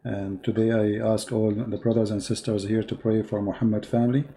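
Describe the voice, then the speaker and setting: Fervent man with a gravelly dark voice. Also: on the low side, level tone, brisk, a little hiss or hum. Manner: fervent, emphatic, repeats phrases. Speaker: host. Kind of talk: preaching to a caller on a live stream.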